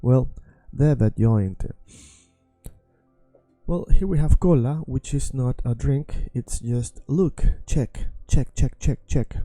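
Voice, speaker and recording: Male language teacher, Swedish accent, deep dark fry-edged voice, dry close sound, patient drilling delivery. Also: dry recording, faint music behind. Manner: patient, repeats words slowly to drill pronunciation. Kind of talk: language lesson.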